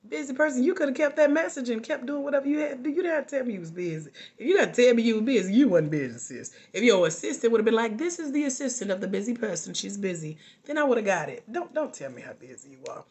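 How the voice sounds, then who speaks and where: A woman life coach trainer, talking casually and sassily at home to viewers, with lively preachy asides. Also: a little high, racing, hardly any pauses. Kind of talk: casual livestream talk.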